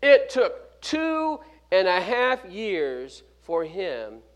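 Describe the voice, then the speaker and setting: A man preaching a sermon, stressing key words and dropping from loud to hushed, with restarts and 'uh' fillers. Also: sits high, wildly swooping pitch, very slow. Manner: emphatic preaching with sharp swings from loud to hushed; fills gaps with 'uh' and restarts words mid-phrase. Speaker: pastor.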